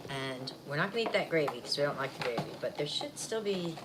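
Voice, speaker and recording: A woman's voice: deep voice, expressive, fast. A woman vlogger chatting casually while eating on camera, rambling and laughing easily. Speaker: mukbang vlogger. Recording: faint background noise.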